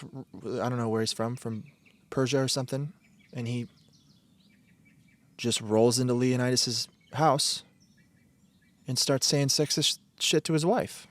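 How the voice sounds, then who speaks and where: A man's voice: mid-range voice, steady tone, unhurried. A man hosting a solo podcast, rambling and swearing, often breaking off mid-sentence to start again. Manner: digressive, profane, self-interrupting. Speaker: podcast host.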